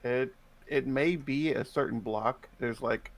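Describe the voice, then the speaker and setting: A man's voice: mid-range voice, a little slow. A man from the United States co-hosting a live game stream in casual chat, explaining game mechanics at length in a thoughtful way. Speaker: stream co-host.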